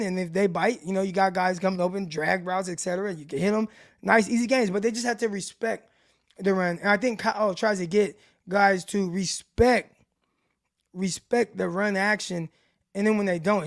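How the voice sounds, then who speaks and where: A man hosting a casual sports livestream, his voice fairly high for a man. He talks in loose, rambling bursts and keeps restarting his sentences, and the sound is close and dry. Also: no room sound. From Stockton, California. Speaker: sports show host.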